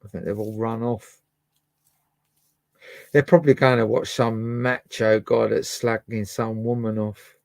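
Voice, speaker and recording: A man's voice: on the low side, little pitch movement, a little slow, creaky, pauses often, a little mellow, dry recording. A man chatting and musing as host of a livestream where he plays records. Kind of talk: casual chat to a live chat.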